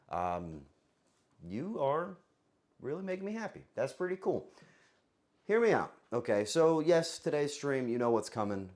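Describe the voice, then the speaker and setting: A man hosting a casual livestream, joking and swearing as he thanks viewers for subscriptions. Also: medium pitch. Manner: profane, joking, thanks chat for subs. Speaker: livestream host.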